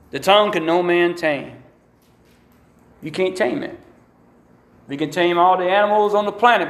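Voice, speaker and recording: A middle-aged man preaching a sermon as pastor, telling folksy stories and acting out quotes. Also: high voice. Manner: folksy, animated storytelling with acted-out quotes. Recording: echoey room.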